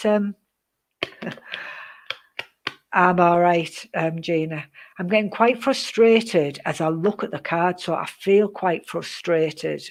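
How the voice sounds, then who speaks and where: Chatty woman giving live readings. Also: lowish voice. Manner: chatty and rambling, greets viewers by name, many "um"s. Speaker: psychic reader. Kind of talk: live-stream psychic reading.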